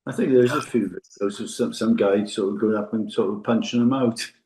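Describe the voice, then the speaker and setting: A man's voice: fairly low pitch, fairly even intonation, a little fast, warm tone, low-quality recording. Rambling older man, hesitant chat. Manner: rambling, hesitant, full of restarts and asides. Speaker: podcast co-host. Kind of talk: casual chat between friends.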